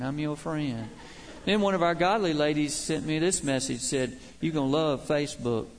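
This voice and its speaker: An older man preaching a sermon as pastor, stressing key words by slowing down, with folksy humorous asides. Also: a little high, gravelly.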